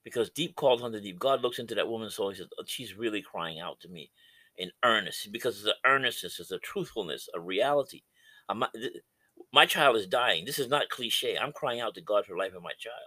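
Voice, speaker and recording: Middle-aged male podcast preacher, low and forceful, impassioned, loud-to-hushed swings. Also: animated, quick pace. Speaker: podcast host and Christian counselor. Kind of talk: preaching-style podcast talk.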